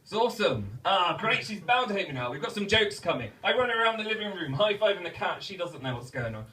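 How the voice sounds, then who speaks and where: Rambling comic on a club stage. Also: male voice, high voice, very animated, fast, bright, forceful tone, far from the mic, rough recording. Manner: rambling, self-mocking, stammering restarts. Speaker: stand-up comedian. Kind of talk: stand-up comedy set.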